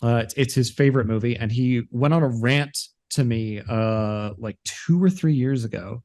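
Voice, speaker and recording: A man's voice: mid-range voice, normal speed. A man co-hosting a podcast, chatting casually and rambling with lots of restarts and acted-out quotes. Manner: rambling, animated, acts out movie lines. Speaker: podcast co-host. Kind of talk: casual chat.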